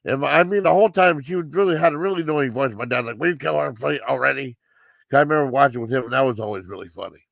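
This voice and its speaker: A man's voice: mid-range voice, very fast, vocal fry, few pauses, dry recording. A man giving a casual live movie review, rambling with many fillers and restarts.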